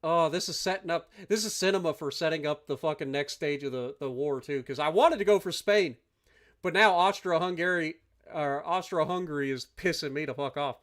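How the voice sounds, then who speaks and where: A man's voice: fairly high pitch, fairly quick, a bit bright. A man streaming a strategy game live, ranting and swearing at his opponents as he plays. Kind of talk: live gameplay commentary.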